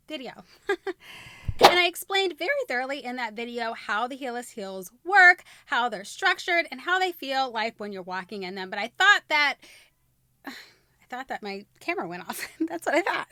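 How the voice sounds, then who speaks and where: A woman vlogging on camera, chirpy on her intros and muttering softly to herself between retakes. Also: a little high, a little hiss or hum. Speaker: beauty and fashion vlogger. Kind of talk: casual on-camera vlog with retakes.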